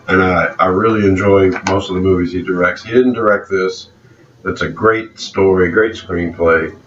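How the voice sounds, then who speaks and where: A man from South Louisiana co-hosting a casual movie chat, relaxed and opinionated, chuckling often. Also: low-pitched. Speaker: co-host of a movie review show. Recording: roomy, distant, dull, faint background hiss.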